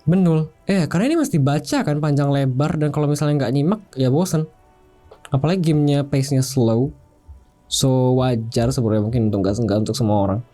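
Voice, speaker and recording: A man's voice: medium pitch, fast talker, dark tone, faint music behind. A man from Indonesia chatting casually as a gaming host, sleepy and thinking aloud. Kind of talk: casual gameplay commentary.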